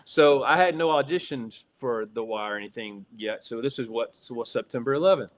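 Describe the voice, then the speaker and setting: A middle-aged man with a Southern accent, a guest telling stories in a casual interview, excitable, laughing often and saying "dude" a lot. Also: mid-range voice, brisk. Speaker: guest actor.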